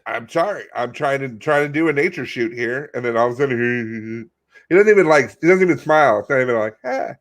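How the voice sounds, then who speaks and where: A man's voice: medium pitch, fast. Goofy man riffing on a podcast. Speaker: podcast co-host. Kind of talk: comedic casual chat.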